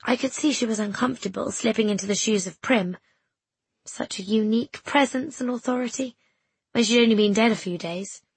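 A woman reading an audiobook narration in a measured, reflective way. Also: on the high side, breathy edge, no echo.

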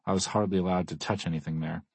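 A man's voice: low-pitched, fairly even intonation, quick pace, vocal fry, slightly rough, no echo. A man reading a first-person audiobook in a wry, dry way. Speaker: audiobook narrator. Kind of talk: scripted first-person narration.

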